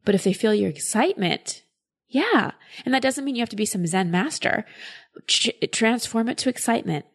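A woman's voice: a little high, expressive, normal speed. A woman coach giving advice in a casual chat, explaining thoughtfully with frequent filler words.

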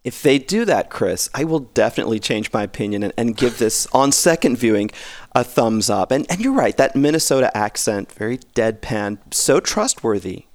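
A man's voice: medium pitch, expressive, moderate pace, no echo. A man in a casual podcast chat, commenting in a wry, joking way and laughing often.

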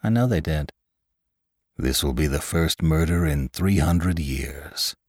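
A male narrator doing a cold, menacing corpse come back to life, speaking in a low, quiet voice. The delivery is slow and deliberate, with a dry, close sound. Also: dry recording, full character voice. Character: pale, cold dead man risen from the grave.

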